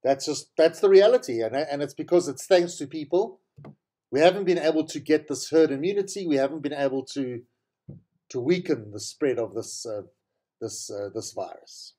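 A man's voice: a little high, normal speed, dark tone. A middle-aged man hosting his own show, talking in a casual, rambling solo monologue with frequent self-corrections. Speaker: show host.

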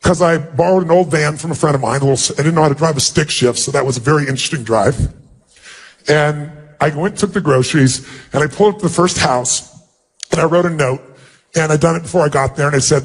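A man's voice: quick pace, slightly rough. A man speaking as a motivational speaker, telling an emotional personal story to an audience in an earnest way. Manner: earnest, emotional storytelling, pitch jumps up when acting out dialogue.

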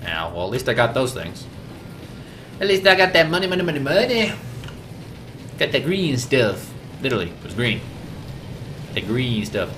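A man hosting a let's play with loud, profane, rowdy outbursts and game audio behind him. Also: medium pitch, sing-song, moderate pace, long pauses, background noise. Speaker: gaming channel host. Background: game audio and music.

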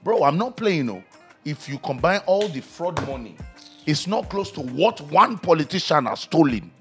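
A man's voice: on the high side, big pitch swings, moderate pace, a bit bright, faint music behind. A man with a Nigerian accent, a guest co-host in casual podcast chat, ranting emphatically and animatedly.

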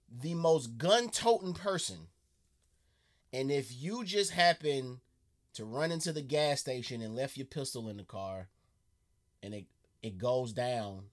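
An American man chatting casually while reacting to a comedy clip, laid-back and slangy. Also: medium pitch. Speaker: reaction video host.

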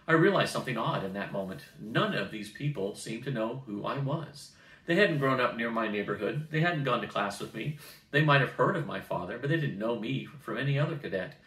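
An older man reading a novel aloud to family in a steady manner, recorded from a distance in a roomy space. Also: mid-range voice, brisk. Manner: steady reading, occasional throat clearing.

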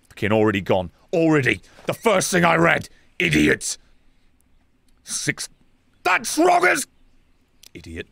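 A young man playing a video game and commenting as he goes, sarcastic and swearing, dropping to mutters and then shouting. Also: on the high side, wildly swooping pitch, unhurried, creaky, pauses often, no echo. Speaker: gaming streamer.

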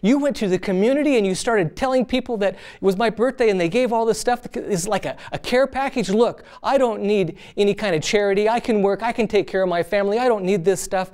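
A man's voice: sits high, fast talker, a little mellow, clean tone, close to an everyday voice. A man voicing a proud working porter who angrily refuses help. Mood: indignant. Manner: indignant, defensive outbursts.

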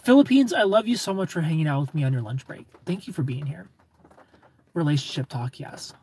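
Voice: medium pitch, lively intonation, brisk, a little mellow, a little hiss or hum. A live streamer in casual, upbeat chat, reading viewer comments aloud and greeting people by name.

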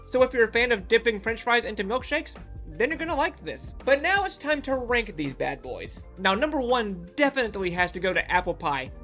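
An upbeat food vlogger running a casual taste-test review, with a bright, forceful voice. The talk is enthusiastic and aimed straight at the viewers. The pitch sits in a middling range.

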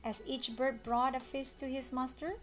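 A woman reading a children's story aloud, expressive with dramatic gasps. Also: high voice, normal speed, faint music behind. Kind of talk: children's read-along story.

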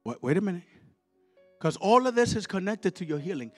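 A male evangelist preaching a fiery sermon in a church, leading call-and-response and swinging from quiet words to shouted, repeated lines. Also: high-pitched, very animated, a little fast, breathy edge. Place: church sanctuary. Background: faint music from the musicians.

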